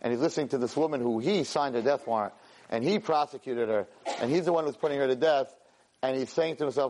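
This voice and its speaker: A man teaching a weekly class, telling a story with lively energy, stumbling over and repeating words and acting out the characters' lines. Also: medium pitch, quick pace, a little hiss or hum. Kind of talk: animated storytelling lesson.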